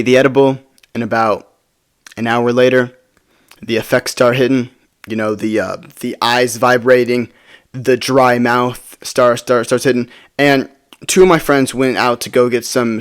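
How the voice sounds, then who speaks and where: A young man telling a personal story in a casual, rambling way, often stumbling and restarting his words. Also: medium pitch. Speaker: storytime video creator.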